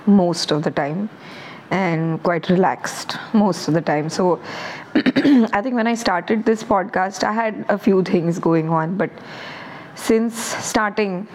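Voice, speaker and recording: A woman's voice: fairly low pitch, takes it slowly, a little mellow, slight background noise, rough recording. A woman hosting her own podcast, talking on her own in a candid, rambling, self-reflective way. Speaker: podcast host. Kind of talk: casual solo podcast monologue.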